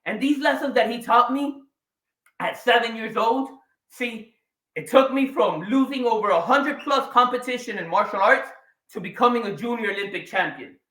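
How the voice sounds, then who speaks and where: A man in his forties giving a keynote talk on stage, telling a personal story with dramatic pauses and sudden swings between quiet and loud. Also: very high-pitched. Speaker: keynote speaker. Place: large event room or hall. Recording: echoey hall, voice a bit distant.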